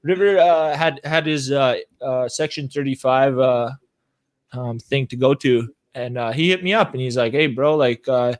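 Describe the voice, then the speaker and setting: A man's voice: medium pitch, moderate pace. Casual male podcast co-host, easygoing storyteller, frequent laughter, slangy. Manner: laid-back, laughs often, says bro a lot. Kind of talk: casual chat, telling a funny story.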